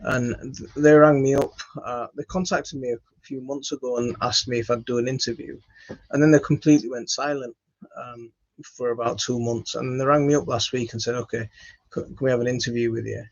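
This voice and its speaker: A West Yorkshire man talks a little fast at medium pitch, his intonation fairly even, while casually hosting a home gardening channel. He rambles, stumbles into restarts and fillers, and puts himself down. The phone recording from his indoor home studio has no echo but sounds dull and lo-fi.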